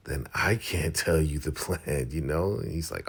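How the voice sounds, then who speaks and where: A man's voice: low-pitched, expressive, unhurried, creaky, few pauses, husky. A man casually recapping a TV episode in loose slang, acting out the characters' lines as he goes. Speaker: TV recap host.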